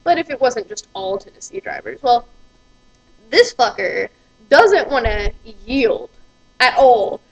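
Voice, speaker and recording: A woman's voice: fairly high pitch, animated, slow pace, dull audio. A woman, ranting profanely and with exasperation in a vlog. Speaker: vlogger.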